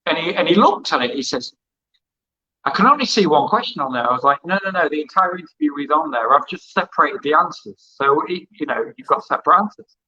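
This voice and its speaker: Bright-voiced man telling rambling anecdotes. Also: on the high side, lively intonation, a little fast, dull audio. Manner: rambling anecdotes, acts out quoted dialogue. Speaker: music interviewer and former hospital radio presenter. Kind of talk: casual interview storytelling.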